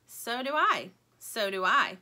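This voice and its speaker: A woman's voice: a little high, big pitch swings, slow pace, pushed and bright, exaggerated voice. A woman voicing a grumpy, sleepy towel in a linen closet, drowsy and irritated.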